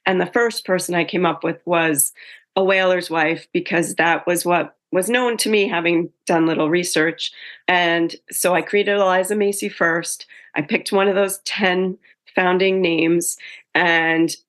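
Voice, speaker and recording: A woman's voice: lowish voice, steady tone, measured pace, a bit bright. A woman author in a casual interview, telling her story in a chatty way and often correcting herself mid-sentence.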